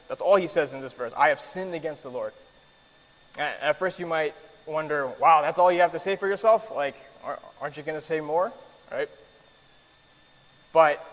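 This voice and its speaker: Higher-voiced man preaching in a reverberant hall. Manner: casual and earnest, many fillers and restarts. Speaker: preacher teaching a Bible lesson. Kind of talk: conversational sermon with slides.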